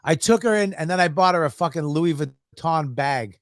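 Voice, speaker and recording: A man's voice: a little high, expressive, normal speed, dry recording, clean studio sound. A man telling a profane, exasperated story on a podcast and acting out both sides of the talk. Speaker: podcast co-host. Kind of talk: animated storytelling.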